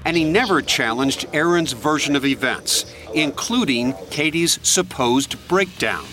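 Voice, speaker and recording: Guy doing measured dramatic crime doc narration, kinda high voice, music under it. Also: lively intonation. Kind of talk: scripted narration.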